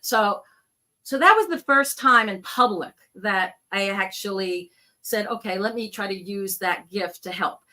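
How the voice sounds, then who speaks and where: Bright, animated New woman. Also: medium pitch, a little slow. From New York. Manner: animated storyteller who acts out the people in her stories. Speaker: guest, psychic medium. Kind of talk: casual storytelling interview.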